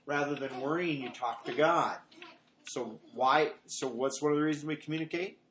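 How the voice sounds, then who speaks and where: A man's voice: a little high, moderate pace, fairly bright tone. A middle-aged man giving an informal sermon, rambling through personal stories and acting out what people said. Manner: conversational, rambling, acts out quoted lines in a raised voice. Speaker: pastor. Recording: echoey room with faint noise.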